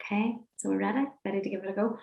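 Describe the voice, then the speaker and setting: A woman leading a laughter and breathing class, gentle, playful and encouraging, speaking from a room on a video call. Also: mid-range voice, steady tone, rapid-fire, creaky, lo-fi sound. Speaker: laughter and relaxation session leader. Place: indoor room at home, seated near a screen. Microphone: webcam or laptop mic on a video call. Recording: roomy echoey room sound.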